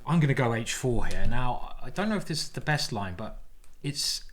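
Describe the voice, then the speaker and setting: A man commentating his own online chess games, excitable and thinking aloud as he plays. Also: medium pitch, moderate pace. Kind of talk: live game commentary.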